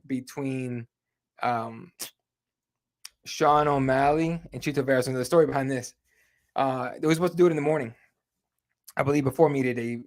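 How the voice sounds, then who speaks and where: A man hosting a casual live chat show, talking loosely with plenty of fillers and free swearing. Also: mid-range voice. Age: adult with kids. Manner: loose and conversational, swears freely, many fillers. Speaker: host.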